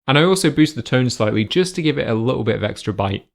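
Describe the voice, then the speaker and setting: A man giving a clear, step-by-step guitar tutorial in scripted narration, with guitar playing behind him. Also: mid-range voice, lively intonation, quick pace. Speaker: guitar teacher.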